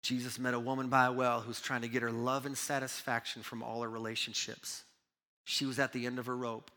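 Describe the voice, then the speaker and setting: A man preaching a sermon as pastor, swinging between loud urgent preaching and hushed, intimate asides. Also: medium pitch, little pitch movement, a little fast, big-room sound.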